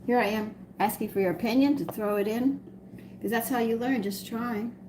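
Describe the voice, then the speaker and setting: A woman's voice: on the high side, normal speed, noisy background. A woman with a Southern US accent hosts a live-stream cooking demonstration, rambling as she chats with her viewers. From American South. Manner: chatty and rambling, talks to viewers. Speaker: home cooking host. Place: home kitchen.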